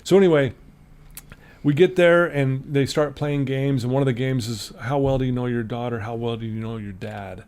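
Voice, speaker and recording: A man's voice: mid-range voice, normal speed, clear, resonant tone. A middle-aged man, a podcast guest, telling a personal story in a casual interview and acting out the voices of the people in it. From Utah, USA. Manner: animated storyteller, acts out quoted voices.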